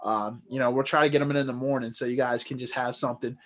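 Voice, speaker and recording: A man's voice: mid-range voice, flat delivery, quick pace, fairly bright tone. A man co-hosting a podcast, talking earnestly and motivationally in casual chat with plenty of fillers. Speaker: podcast co-host.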